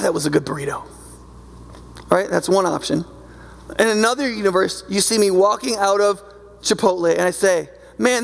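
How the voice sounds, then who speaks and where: A man's voice: high-pitched, creaky. A male pastor preaching a sermon in a loose, conversational way, often checking in with his listeners. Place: church sanctuary. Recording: long hall reverb from a church.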